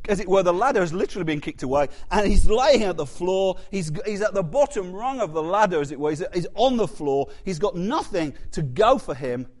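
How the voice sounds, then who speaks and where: A man preaching a sermon in an animated, conversational way, with asides and questions to the congregation. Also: high-pitched.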